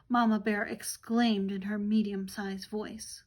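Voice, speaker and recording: Woman storyteller for kids, slow, higher-pitched, gentle picture-book reading. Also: steady tone. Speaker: children's storyteller.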